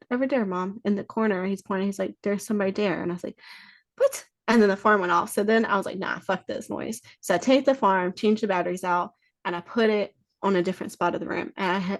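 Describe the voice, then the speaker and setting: A woman's voice: on the low side, no echo. A woman guest on a podcast, telling stories in a casual chat, swearing freely and acting out what people said. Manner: swears freely, acts out quoted dialogue.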